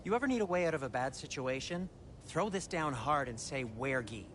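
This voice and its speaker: A fussy dwarf craftsman in a video game, careful and a little nervous as he explains things. His voice sits at an ordinary pitch for a man. Steady background noise runs under his lines. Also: a little fast. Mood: earnest.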